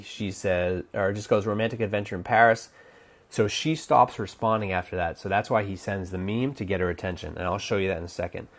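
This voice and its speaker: A man coaching on dating, giving casual advice while thinking aloud, with many restarts and fillers. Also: lowish voice. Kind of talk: casual instructional talk.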